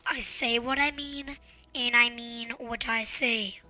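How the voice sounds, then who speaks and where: Earnest host, female, high bright voice, pleading and repetitive, with faint music underneath. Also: steady tone, takes it slowly. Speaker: channel host. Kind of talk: casual advice monologue.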